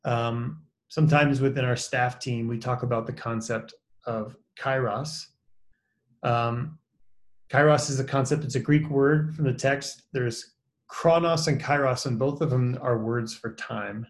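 Man, pastor, reflective sermon, slow measured delivery, video call audio. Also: medium pitch, fairly even intonation. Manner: slow, measured, with hesitant fillers.

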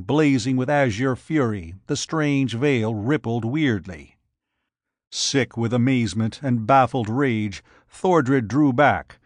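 A man narrating an adventure story in a measured, even reading. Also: mid-range voice, no room sound. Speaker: audiobook narrator.

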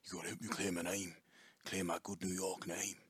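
A man mimicking an actor's Australian accent, pleading urgently in a hushed voice. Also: low-pitched, level tone, a little fast, husky, no echo.

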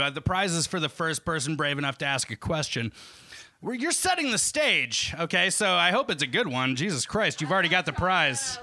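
A man's voice: high-pitched, background noise. A man hosting a live comedy show, loose and joking with profane banter.

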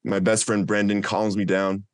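A man's voice: fairly low pitch, little pitch movement, normal speed, no room sound, studio quality. A man telling his own recovery story in an earnest, emotional way. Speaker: speaker sharing a recovery testimony. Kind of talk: personal testimony talk.

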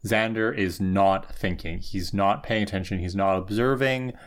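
A man's voice: low voice, normal speed. A man co-hosting a casual chat, asking questions and breaking things down analytically, with a lot of "like". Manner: inquisitive, analytical, says "like" often. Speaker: podcast co-host.

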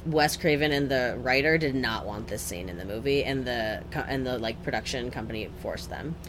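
A woman co-hosting a podcast in casual chat, mostly reacting with short replies and quick asides. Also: very deep voice, background noise. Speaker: podcast co-host.

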